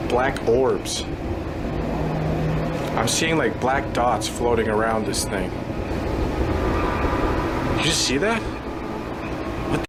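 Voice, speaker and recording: A man's voice: medium pitch, heavy background noise. A man investigating a place for spirits as he explores it, gasping and exclaiming in alarm. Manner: jumpy, gasping, repeated exclamations. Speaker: paranormal investigator. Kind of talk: live exploration commentary.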